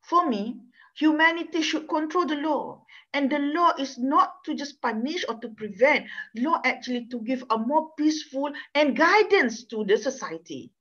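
A woman with a Malaysian accent gives a university law lecture. She speaks earnestly and with feeling, in a slightly high voice. The recording is dull and lo-fi. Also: expressive, moderate pace, fairly bright tone. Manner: earnest, emotional, repeats words, non-native phrasing. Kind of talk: university lecture with personal story. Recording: dull lo-fi sound.

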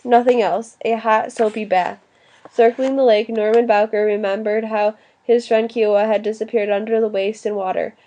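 A woman narrating an audiobook in an even reading voice, now and then restarting a word. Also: fairly high pitch, normal speed. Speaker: audiobook reader.

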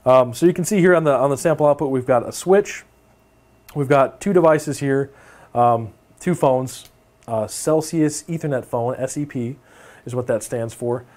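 A young man teaching a networking course in a relaxed, conversational way, often checking in with his listeners. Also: mid-range voice, normal speed. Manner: casual, filler-heavy, keeps checking in with okay. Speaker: networking instructor. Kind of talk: technical lecture over screen demo.

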